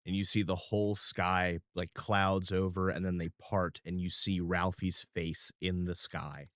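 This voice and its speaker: Low, smooth-voiced game master. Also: male voice, flat delivery, measured pace, a bit bright, no echo, clean studio sound. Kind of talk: narrating a tabletop game.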